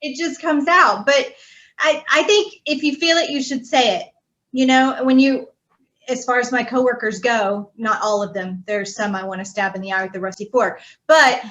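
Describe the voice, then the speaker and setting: A woman chatting casually on a panel show, animated and playful, laughing often and acting out quotes. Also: fairly high pitch. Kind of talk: casual group chat.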